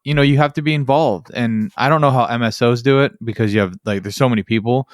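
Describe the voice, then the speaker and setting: A man hosts a casual podcast chat, his voice sitting at an ordinary middle pitch. He rambles through his stories, padding them with "like" and "you know". The sound is close and dry, with no room around it. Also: fast, no room sound. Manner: rambling storyteller, heavy use of "like" and "you know". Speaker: podcast host.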